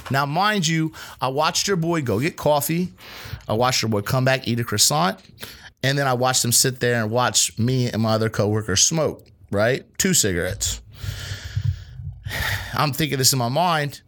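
A man's voice: mid-range voice, normal speed. Podcast co-host, male, casual storyteller, swears a lot, acts out the quotes. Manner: animated, profane, acts out quoted voices. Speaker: restaurant line cook.

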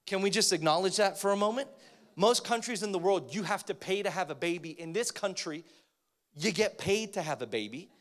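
American guy pastor, high voice, preaching to a church crowd, jokey and fired up. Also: brisk. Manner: energetic and joking, rising to emphatic. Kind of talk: sermon. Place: church, in front of a congregation.

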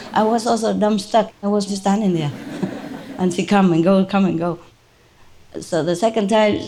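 A woman who is a spiritual teacher tells her disciples a story in an animated, informal way, laughing often. Her voice sits in the mid range.

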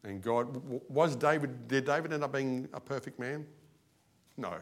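A man preaching an evening service sermon, animated, his voice swinging between loud and soft. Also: medium pitch, normal speed. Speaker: lay preacher. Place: church.

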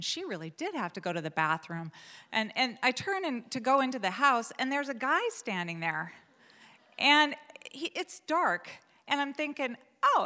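Woman storyteller from Portland, fairly high and bright voice, animated delivery, hall reverb. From Portland, Oregon, US. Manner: lively, animated telling with many fillers and restarts. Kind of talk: live personal storytelling.

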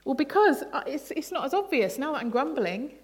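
Her voice is high, brisk, and very animated as she leads an interactive family sermon in a church service. This bible study leader keeps things playful, laughing as she asks the congregation questions.

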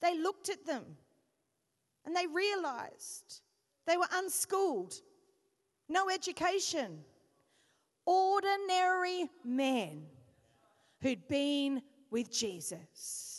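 A woman from Australia preaching a sermon as pastor, with animated storytelling and self-mocking humor. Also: extremely high pitch, slow pace, pauses often. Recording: long hall reverb.

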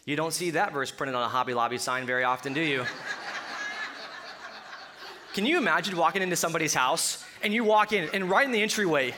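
Bright-voiced joking male preacher. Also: high-pitched, expressive, fast talker. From Colorado. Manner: joking, conversational preaching with asides. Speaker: pastor. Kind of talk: sermon.

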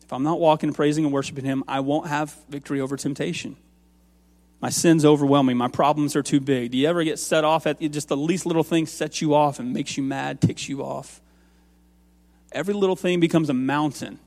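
A man on a church's music staff, preaching an earnest sermon that moves from quiet asides to raised, emphatic lines. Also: a little high, fairly even intonation, fairly quick, big-room sound.

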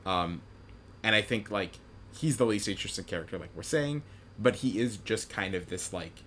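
Rambling young man, lowish voice. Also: normal speed, a bit bright, a little hiss or hum. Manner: rambling, many "like" fillers, acts out quotes. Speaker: podcast co-host discussing a film. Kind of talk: casual chat.

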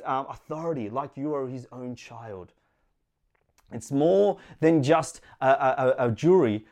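A man's voice: on the high side, darkish tone. Earnest conversational male preacher. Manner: earnest, conversational, with playful asides. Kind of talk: sermon.

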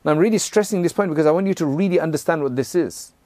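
A man teaching a religious lesson in a relaxed, conversational way. He often checks in with his listeners and works through each point step by step. His voice is somewhat high but mellow in tone, and the recording is close and dry. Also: rapid-fire, dry recording. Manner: conversational, explains step by step, frequent "right?" and "you know"; recites Arabic verses in a chanting tone. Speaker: Islamic teacher.

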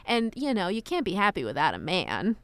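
A woman's voice: mid-range voice, wildly swooping pitch, brisk, no room sound. A woman co-hosting a podcast, gushing enthusiastically over a movie and giggling often. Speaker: podcast co-host. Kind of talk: casual movie discussion.

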